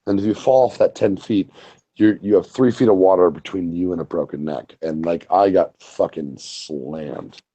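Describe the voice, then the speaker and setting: A man telling stories in casual profane chat, animated and full of swearing. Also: deep voice, normal speed, husky. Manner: animated storyteller, swears a lot. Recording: muffled lo-fi audio.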